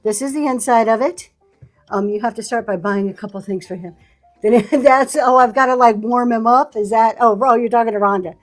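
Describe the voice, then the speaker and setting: Woman, live-stream reseller, slightly high voice, casual running chatter over faint music. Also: a little fast. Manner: chatty, thanks buyers by name. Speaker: live auction seller. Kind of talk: live selling stream chat.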